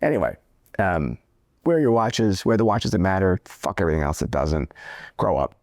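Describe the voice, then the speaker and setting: A man's voice: deep voice, lively intonation, normal speed, a little mellow, dry recording, studio quality. A man talking casually to camera in a rambling, profane way, with many restarts. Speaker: watch vlogger.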